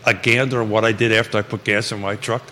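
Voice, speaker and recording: A middle-aged man with a fairly low voice, chatting loosely on a live talk show. He rambles and restarts, pokes fun at himself and laughs easily. The sound carries a long reverb from the set. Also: fairly even intonation, fast, sharp tone. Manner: rambling, self-mocking storyteller with many restarts. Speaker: show host. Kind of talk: casual live chat show banter.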